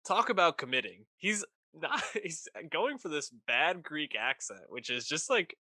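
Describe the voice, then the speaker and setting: A man's voice: fairly high pitch, very animated, unhurried, pushed and bright, no echo. A man co-hosting a podcast, talking about a film with enthusiasm and casual swearing. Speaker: podcast co-host. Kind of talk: casual film review chat.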